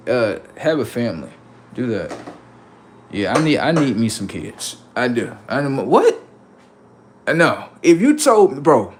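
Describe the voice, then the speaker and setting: Young male streamer, casual slangy monologue, big loud spikes and low asides. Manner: animated, swings from loud outbursts to quiet asides; slangy, addresses viewers directly. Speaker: livestream host.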